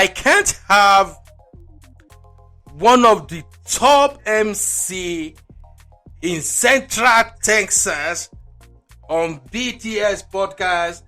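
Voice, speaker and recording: Host guy, high bright voice, slow and teasing, music low in back. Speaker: podcast host. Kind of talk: casual interview hosting.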